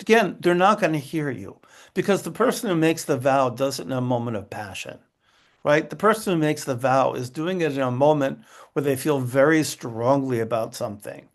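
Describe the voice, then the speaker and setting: A man's voice: mid-range voice, gravelly. A man teaching an online class by video call, explaining in a conversational way with examples and asides.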